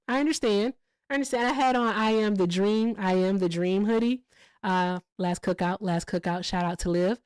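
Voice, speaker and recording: A woman hosting a casual livestream, telling stories in a profane, animated way with sudden jumps in pitch. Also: moderate pace, no echo, low-quality recording. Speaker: livestream host.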